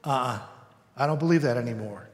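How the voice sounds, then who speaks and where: A man's voice: mid-range voice, brisk, long reverb tail. A male pastor preaching a sermon in a conversational way, sometimes acting out voices.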